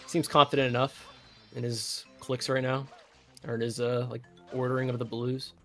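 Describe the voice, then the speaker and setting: A man's voice: medium pitch, flat delivery, moderate pace, sharp tone. A man casually commentating a live video game race, analytical and chatty with lots of filler words. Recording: faint music behind.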